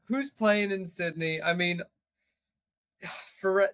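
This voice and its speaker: A man's voice: high voice, slow pace, crowd noise. A man co-hosting a podcast, talking playfully and laughing often as he rambles. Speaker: podcast co-host. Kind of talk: casual podcast chat.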